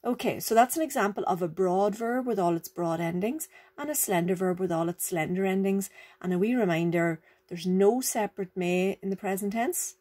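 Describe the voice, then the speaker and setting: A woman's voice: medium pitch, normal speed, warm tone, slightly rough. A woman, teaching a grammar lesson, explaining rules patiently and checking that the learner follows. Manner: patient, repeats rules, checks understanding with "right?" and "okay?". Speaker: Irish language teacher.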